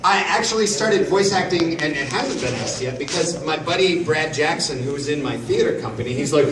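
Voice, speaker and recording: A man answering questions on a convention panel, telling jokey stories in an animated way. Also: on the high side, a little fast, hardly any pauses. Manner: joking, animated storyteller. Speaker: voice actor convention panel guest. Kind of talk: casual panel Q&A storytelling. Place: large convention hall. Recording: echoey hall from far off. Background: audience crowd noise.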